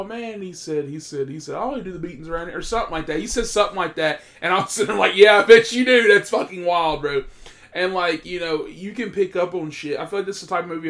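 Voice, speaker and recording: A man giving a casual, profane movie review, excitable and animated, with loud bursts when he gets worked up. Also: on the high side.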